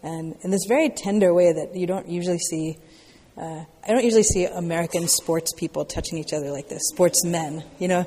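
A woman's voice: lowish voice, fairly quick, hardly any pauses, mellow, in a large hall. A woman giving a casual, reflective dharma talk as a teacher answering questions, with a loose way of speaking full of filler words. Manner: reflective, loose, peppered with "you know" and "like".

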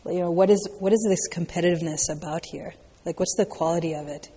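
A woman's voice: lowish voice, fairly even intonation, quick pace, warm tone, breathy edge, big-room sound. A woman giving a casual, reflective dharma talk as a teacher answering questions, with a loose way of speaking full of filler words. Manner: reflective, loose, peppered with "you know" and "like".

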